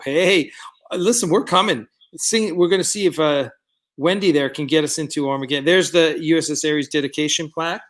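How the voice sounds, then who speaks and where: A man's voice: on the high side, a bit bright. A man hosting a live stream, chatting casually with viewers in a rambling way, with many fillers, and reading out their comments. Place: studio set of a starship bridge.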